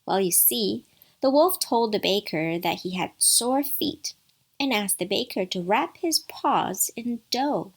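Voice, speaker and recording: Animated woman reading a bedtime story. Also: mid-range voice, slow, vocal fry. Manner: animated, playful asides.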